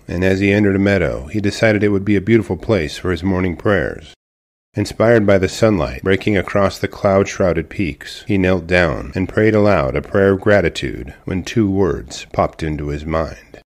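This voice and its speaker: A man narrating a true wildlife-attack story in a measured, scripted telling. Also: low-pitched, a little mellow.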